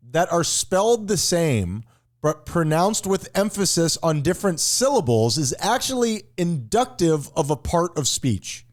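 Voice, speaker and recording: Lively, animated male podcast co-host. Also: fairly high pitch, a little slow. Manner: playful, bursts into loud mock shouts. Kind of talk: casual comedy chat.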